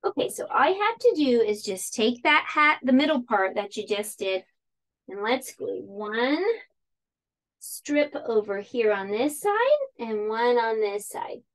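A woman teaching a children's craft with chatty step-by-step instructions, then reading a picture book aloud with animated storytelling. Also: on the high side, measured pace. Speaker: teacher hosting a kids' summer camp channel.

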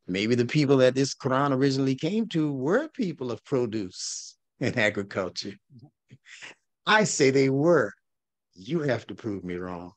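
A man's voice: medium pitch, expressive, moderate pace, few pauses, no room sound. A man teaching a recorded religious class, who challenges his listeners with rhetorical questions and repeats his key points. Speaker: religious instructor.

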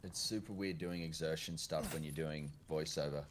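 Deep-voiced man bantering. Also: fairly even intonation, normal speed, crowd noise. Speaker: voice actor. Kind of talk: casual gameplay chat.

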